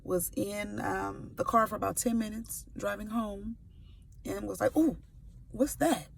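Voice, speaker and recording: Recording a video before work, a sickle cell advocate from California in her forties shares her personal story to camera, candid and playful with slangy asides. Her medium-pitched voice is level and a bit bright, with vocal fry and a measured pace, and there's slight background noise.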